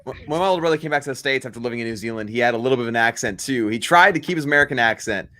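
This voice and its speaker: Bright-voiced relaxed man. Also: medium pitch, racing. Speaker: guest, show host. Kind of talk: casual online show chat.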